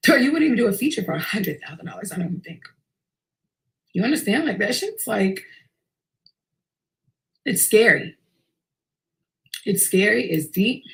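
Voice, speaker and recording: A young woman in her early twenties from Queens, tells her story with raw intensity and a lot of profanity. Her voice has a gravelly, rough edge and sits at an ordinary pitch for a woman. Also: normal speed, pauses often. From Queens, New York. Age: early 20s. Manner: profane, intense, animated retelling. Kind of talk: emotional personal storytelling.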